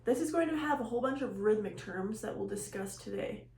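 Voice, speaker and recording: A woman's voice: medium pitch, expressive, fairly quick, a little mellow. A woman giving a recorded music lecture, explaining rhythm terms plainly and counting beats aloud. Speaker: music teacher. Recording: echoey room with faint hum.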